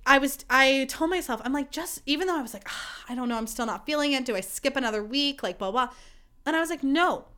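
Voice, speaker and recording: A woman's voice: a little high, pushed and bright, clear, resonant tone. A young woman hosting her own podcast, chatting candidly and swearing freely in a self-mocking way. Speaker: podcast host. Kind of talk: casual solo podcast chat.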